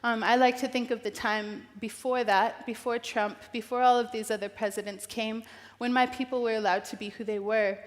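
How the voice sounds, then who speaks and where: A woman's voice: fairly high pitch, steady tone. Earnest woman speaking in a reverberant hall. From northern New Mexico, US Southwest. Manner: earnest, halting, many fillers and restarts. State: emotional. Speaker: activist and keynote speaker. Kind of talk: personal keynote talk. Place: large event hall. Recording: long reverb of a large hall.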